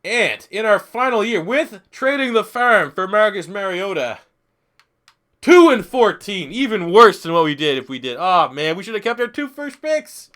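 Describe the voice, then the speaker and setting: A man's voice: sits high, animated, normal speed, few pauses, sharp tone. Tipsy, profane young man gaming. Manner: rambling, profane and joking. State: a little tipsy from beer. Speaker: gaming YouTuber streaming. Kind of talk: casual live-stream commentary.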